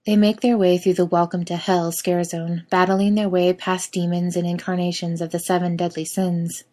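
A woman reading a story aloud in steady narration. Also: fairly low pitch, normal speed.

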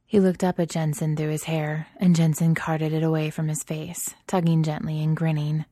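A woman reads erotic fiction aloud in a soft, intimate, steady way, with breathy whispered touches. Her voice sits low and mellow with little melody. The recording is close and dry. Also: normal speed, no room sound. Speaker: narrator.

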